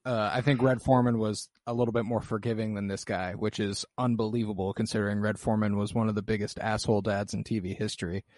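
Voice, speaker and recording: A man's voice: fairly low pitch, fast, hardly any pauses, no room sound. A young man co-hosting a casual movie-review chat, rambling and swearing easily, with lots of fillers. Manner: relaxed, rambling, profane, filler-heavy. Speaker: podcast co-host.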